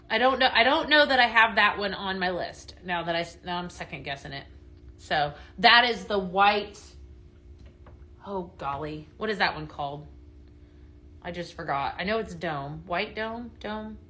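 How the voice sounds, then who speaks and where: A woman's voice: on the low side, pushed and bright. A woman hosting a chatty live home-decor sales stream from her home, reading viewer comments aloud.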